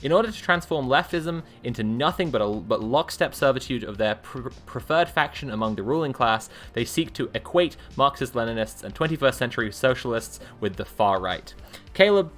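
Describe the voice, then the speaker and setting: A woman's voice: a bass voice, animated, brisk, faint music behind. Sarcastic woman streamer reading aloud. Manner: sarcastic, rambling asides between read passages. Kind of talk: casual live-stream reading and commentary.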